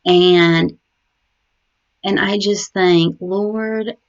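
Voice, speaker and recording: Woman, middle-aged, grieving mother, slow halting speech, gravelly, dull lo-fi recording. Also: fairly low pitch, steady tone. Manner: halting, many pauses and fillers, tender. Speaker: grieving mother remembering her son. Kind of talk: personal memorial reflection.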